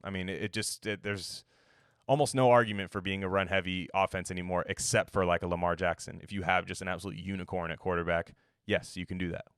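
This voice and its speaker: A young man with a low voice talks through football in a loose, rambling monologue, full of swearing and jokes, now and then acting out what a coach might say. He is recorded close and dry, with no room sound. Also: flat delivery, fast talker, a bit bright, smooth, no room sound. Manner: rambling, profane, jokey, acts out quotes. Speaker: sports podcast host. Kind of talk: casual sports commentary monologue.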